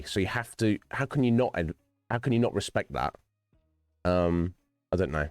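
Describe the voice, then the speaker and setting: A man runs his own gaming livestream, speaking to viewers by name in a rambling, philosophical, freely profane way. His low voice is expressive at a moderate pace, with clean studio sound, no echo, and soft background music.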